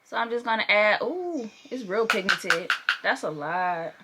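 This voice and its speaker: A woman's voice: mid-range voice, expressive, a little slow, very noisy. Young woman talking thru her makeup routine, joking around and cussing a little, super casual. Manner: chatty and playful, swears and laughs while working. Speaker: beauty vlogger. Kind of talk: casual makeup tutorial chat.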